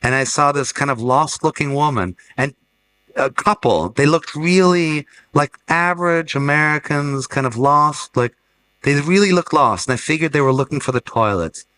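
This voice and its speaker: Bright-voiced man telling halting anecdotes. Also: fairly high pitch, low-quality recording. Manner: rambling anecdotal storyteller with many restarts. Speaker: art fair director and former gallerist. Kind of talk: casual panel conversation.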